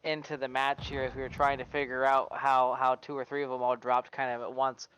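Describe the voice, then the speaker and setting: A man's voice: medium pitch, little pitch movement, brisk, fairly bright tone, a little hiss or hum, low-quality recording. Rambling male esports caster. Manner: rambling, many fillers and restarts. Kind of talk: live esports commentary.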